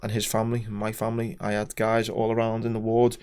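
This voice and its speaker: Fast, flat-toned Scouse man. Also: fairly low pitch, smooth. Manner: frank, sweary, plain-spoken, hesitant restarts. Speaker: podcast guest. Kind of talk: casual chat.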